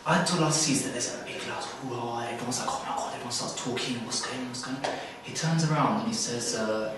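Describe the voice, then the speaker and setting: A young man giving a religious talk at a camp, telling a story in a lively way and acting out the people in it. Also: medium pitch, fast talker, few pauses, very echoey, far from the mic, slight background noise, low-quality recording. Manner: animated, acts out characters in the story. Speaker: camp speaker. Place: hall at a youth camp.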